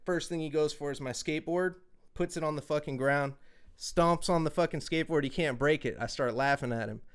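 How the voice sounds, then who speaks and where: A man hosting a podcast, telling stories in a loose, profane, animated way. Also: fairly high pitch, fairly quick, clear, resonant tone. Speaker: podcast host. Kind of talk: casual chat, storytelling.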